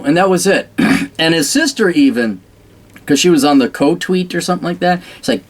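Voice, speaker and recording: A man with a voice on the higher side holds forth in a loose, unscripted rant. He is blunt and sarcastic and swears freely, and he often pauses to clear his throat. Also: expressive. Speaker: commentator. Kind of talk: casual ranting monologue.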